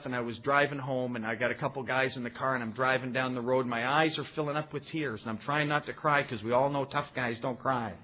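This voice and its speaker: Earnest folksy man telling his recovery story. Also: medium pitch. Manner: earnest, folksy, with rhetorical "huh?" asides. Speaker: recovery meeting speaker. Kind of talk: personal storytelling talk to an audience. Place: meeting room before an audience. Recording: muffled recording with faint background noise.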